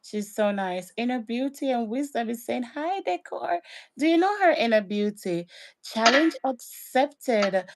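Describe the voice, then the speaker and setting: Chatty female livestream host, fairly high voice, reads viewer comments. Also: expressive, measured pace. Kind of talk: casual livestream chat.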